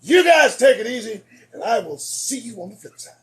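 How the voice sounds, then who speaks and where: A man with an extremely high pitch and big pitch swings hosts a late-night commentary show at normal speed, losing his voice as he goes. He's emphatic and preachy, repeating lines for effect and swinging between shouting and muttering.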